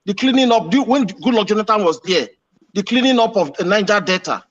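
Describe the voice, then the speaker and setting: A man with a high voice argues in an online debate. He is insistent and circles back over his words whenever someone cuts in. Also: lively intonation, brisk, fairly bright tone, muffled recording. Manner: insistent, repeats himself when interrupted. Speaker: panel participant.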